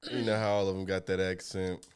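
Man, lowish voice, laid-back, crude jokes. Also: level tone, brisk, clean tone. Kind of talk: casual chat.

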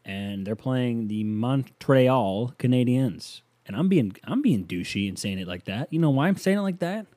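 Joking man with a mellow voice. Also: fairly quick, hardly any pauses, no echo. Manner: loose, joking, animated with sudden pitch jumps. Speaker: podcast host. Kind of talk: casual solo podcast chat.

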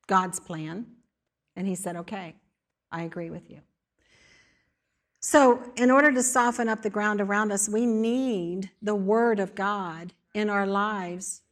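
A woman giving a sermon in an animated, emphatic way, often repeating words in lists for effect. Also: mid-range voice. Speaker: speaker in a church setting.

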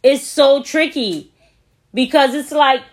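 A woman's voice: high-pitched, slow pace. A woman in casual chat, frank and playful, often laughing.

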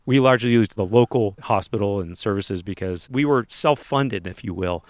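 A man co-hosting a podcast, telling a personal story in a casual interview and acting out other people's lines in quick little voices. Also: fairly low pitch, dry recording, clean studio sound.

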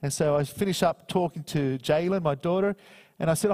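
A man's voice: fairly high pitch, darkish tone, long reverb tail. A middle-aged man preaching a sermon, earnestly reading scripture and telling a personal story. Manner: earnest, slows down to read scripture. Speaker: minister.

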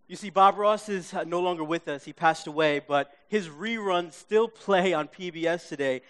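A man from Queens, telling an animated story to a live audience, acting out his own reactions and checking in with listeners. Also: sits high, moderate pace, hardly any pauses, clear, resonant tone. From Queens, New York. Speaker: speaker.

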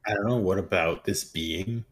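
A man's voice: low-pitched, normal speed, a bit bright. A man co-hosting a podcast in casual chat, adding wry, joking asides. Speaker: podcast co-host.

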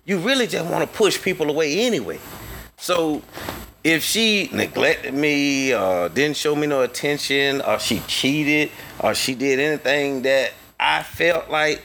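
A man's voice: on the high side, a little slow, creaky, a bit bright. A man as a guest on a talk show, blunt and joking, often stumbling over and repeating his words. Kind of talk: casual chat. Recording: noisy recording.

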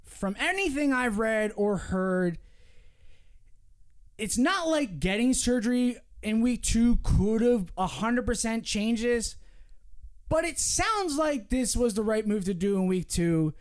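A man's voice: sits high, expressive, slow pace, clear, resonant tone. A man hosting a casual sports podcast, ranting with profanity and animation. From Philadelphia area. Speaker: podcast host.

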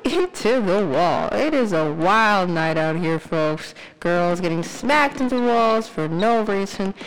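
A woman's voice: mid-range voice, poor audio. A young woman putting on a sarcastic sportscaster voice, giving exaggerated play-by-play. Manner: exaggerated play-by-play announcer patter.

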